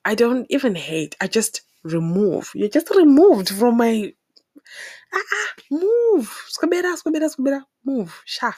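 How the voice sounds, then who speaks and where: A young woman from Zimbabwe talking to the camera in a casual, opinionated monologue, animated and exasperated, laughing often. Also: on the low side, slightly rough. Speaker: vlogger.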